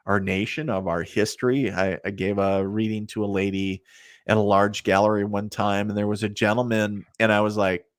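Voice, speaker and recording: Low-voiced middle-aged man telling stories. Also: level tone, normal speed, no echo, clean studio sound. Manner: rambling, many fillers, laughs at his own stories. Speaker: guest, psychic medium. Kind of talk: casual storytelling in a podcast interview.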